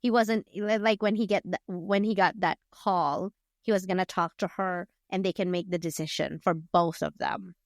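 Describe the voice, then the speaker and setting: A woman's voice: lowish voice, steady tone, normal speed, no room sound, studio quality. A woman co-hosting a podcast, chatting casually about a book, rambling with lots of fillers and acting out characters' lines. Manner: rambling, filler-heavy retelling; acts out characters' lines in quotes. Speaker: podcast co-host. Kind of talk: casual book review chat.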